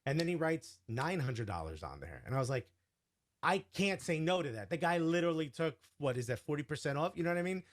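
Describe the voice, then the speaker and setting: A man's voice: fairly high pitch, fast, hardly any pauses. Chatty man telling a long story. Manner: animated, chatty, acts out quoted dialogue; full of filler words like "like" and "you know". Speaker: podcast guest. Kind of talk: casual storytelling.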